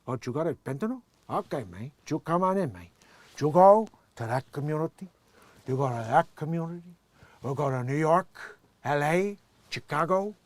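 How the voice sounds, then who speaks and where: A man putting on the voice of a brash, pushy male gangster who talks in loud, clipped, swaggering phrases. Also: a little high, expressive, normal speed, dry recording, natural voice.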